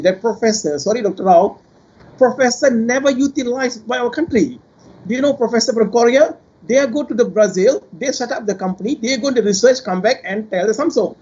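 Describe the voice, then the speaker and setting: A professor with a Malaysian English accent, speaking at a webinar panel in an animated, rambling way and addressing the other panelists directly. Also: male voice, sits high, husky, dull audio. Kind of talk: panel discussion remarks.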